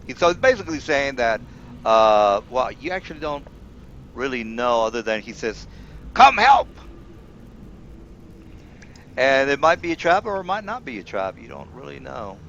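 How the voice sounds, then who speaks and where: A man's voice: medium pitch, expressive, fairly bright tone. A man narrating as game master for a tabletop game, hesitant with many fillers. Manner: halting, many fillers, voices the kobolds in quotes. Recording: dull lo-fi home recording with faint noise.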